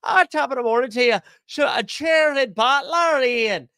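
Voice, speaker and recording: A man's voice: very high-pitched, normal speed, pushed and bright, clean tone, no echo, clean studio sound, voice pushed up, full character voice. A man putting on an exaggerated stage-Irish accent as a jokey greeting figure. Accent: put-on Irish.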